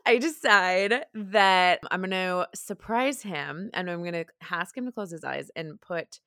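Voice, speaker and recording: A woman's voice: mid-range voice, bright, forceful tone, no room sound, clean studio sound. A woman in her thirties hosting a podcast, telling a personal story in a frank, confessional way and laughing often. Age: 30s. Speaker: podcast host.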